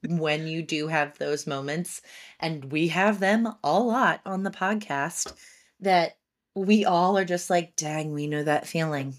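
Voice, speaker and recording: A woman's voice: deep voice, fairly even intonation, slow. A woman hosting a podcast, chatting enthusiastically and affirming her guest often. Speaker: podcast host. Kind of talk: casual conversational interview.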